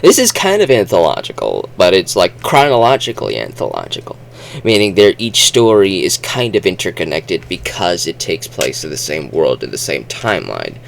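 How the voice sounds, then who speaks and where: Low-voiced man rambling about a book. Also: huge pitch swings, vocal fry, a little hiss or hum. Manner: rambling, halting, with restarts. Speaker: book reviewer. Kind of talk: casual book review vlog.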